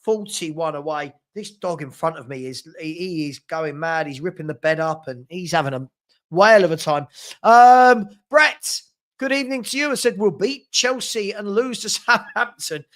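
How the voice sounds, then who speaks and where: A man's voice: a little high, normal speed, a bit bright. A young man hosting a live football watchalong from his home room, chatting casually and reading out viewer comments. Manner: chatty, reads out viewer comments, scolds a puppy. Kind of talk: casual live-stream chat.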